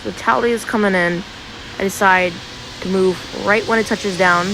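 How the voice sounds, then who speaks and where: A woman's voice: medium pitch, background noise. Chatty woman streaming a flight game. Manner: chatty, excitable, many fillers and quick exclamations. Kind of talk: casual live gameplay commentary.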